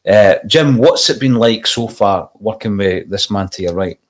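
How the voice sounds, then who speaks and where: A man hosting a podcast, chatting and asking his guests relaxed questions. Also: fairly low pitch, moderate pace. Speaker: podcast host. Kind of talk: casual chat.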